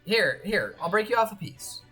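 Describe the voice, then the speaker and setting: A game master voicing a carefree young man with a relaxed, chummy manner who coos at his animal companion. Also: medium pitch, normal speed, husky, soft background music, voice pushed up, exaggerated voice. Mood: breezy.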